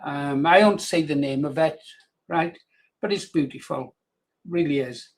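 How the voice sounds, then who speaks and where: An older man hosts a radio show in a loose, wandering chat and chuckles often between his thoughts. His voice sits a little higher than most men's. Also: a little slow. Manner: rambling, anecdotal, chuckling. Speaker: radio presenter.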